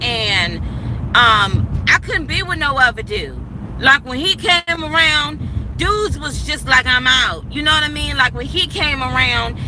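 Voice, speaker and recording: A woman's voice: sits high, background noise. A woman in her thirties telling a personal story straight to her viewers in an emphatic, repetitive way, recorded on a phone while riding outdoors. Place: in a moving vehicle outdoors, going under a bridge.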